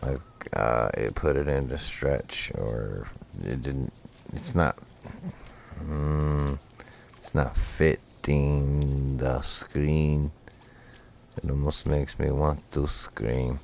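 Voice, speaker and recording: A man's voice: very deep voice, fairly even intonation, drawn-out words, gravelly, a little mellow, a little hiss or hum. A man streaming a fishing game, telling rambling, profane stories while he plays. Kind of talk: casual gameplay commentary.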